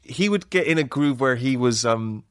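A man's voice: mid-range voice, expressive, normal speed, fairly bright tone, clean tone, no echo, studio quality. A man talking as a podcast guest, hesitant and wry, often correcting himself mid-sentence. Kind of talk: casual chat.

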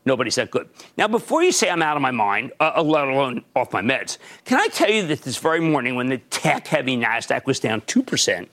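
An older man hosting a market show, delivering theatrical stock commentary, swinging from shouts to low asides. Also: sing-song, a little fast, few pauses.

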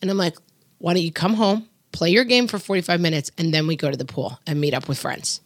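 A middle-aged woman co-hosting a casual parenting chat, talking in a firm, emphatic way and acting out quotes in lively voices. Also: lowish voice, fast talker, no room sound, clean studio sound. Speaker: podcast co-host.

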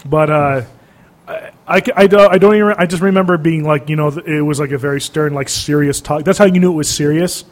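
Animated joking man, higher voice. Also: a little fast. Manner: animated storytelling, jumps up in pitch when joking. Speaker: podcast co-host. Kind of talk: casual comedic chat.

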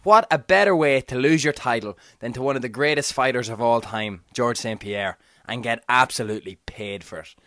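Emphatic podcast co-host. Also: male voice, mid-range voice, normal speed, hardly any pauses, fairly bright tone, dry recording, clean studio sound. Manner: emphatic, keeps asking "do you know what I mean". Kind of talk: casual sports podcast chat.

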